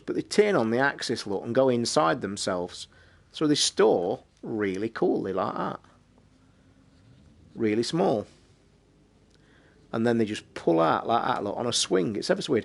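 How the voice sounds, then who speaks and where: A British streamer and podcast host with a medium-pitched, gravelly voice tells a rambling story on a live stream. He's animated and casual, swearing constantly as he goes.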